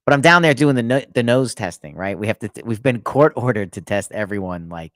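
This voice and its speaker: A man telling stories about his past work in a casual chat, animated and laughing often. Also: fairly quick, dry recording. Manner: animated, laughs often, acts out inmates in a loud high voice. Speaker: podcast guest. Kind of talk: casual storytelling.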